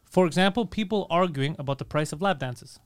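A man's voice: a little high, fairly quick, smooth. A man co-hosting a comedy podcast, riffing playful observational bits in casual chat. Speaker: podcast co-host.

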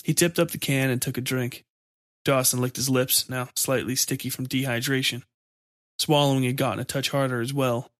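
A man narrates a horror story in a steady, measured voice. His pitch sits in the middle range. The recording is dry and close with no room sound. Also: no room sound.

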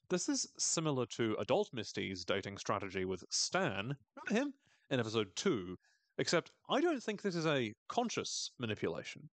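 A man with a fairly low voice recaps a TV episode in casual, wry chat and laughs often. He sounds close and dry, with no room in the sound. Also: very animated, normal speed, fairly bright tone, no echo. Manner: wry, chatty, laughs often, quotes characters in funny voices. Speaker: podcast host recapping a TV episode.

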